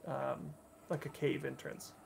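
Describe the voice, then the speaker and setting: A man running a tabletop game as dungeon master, describing scenes with many pauses and fillers. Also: mid-range voice, monotone, vocal fry, a little hiss or hum. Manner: halting, filler-heavy descriptive narration. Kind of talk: narrating a tabletop game livestream.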